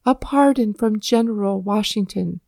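A woman's voice: medium pitch, moderate pace, vocal fry, darkish tone, no echo, clean studio sound, lightly acted. A woman voicing a frail, forgiving old man who speaks in plain, earnest pleas. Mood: breathless.

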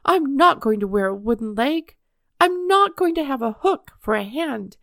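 A woman voicing an earnest, emotional young boy with a high, tearful, pleading voice. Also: a little slow, dry recording, clean studio sound. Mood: defiant.

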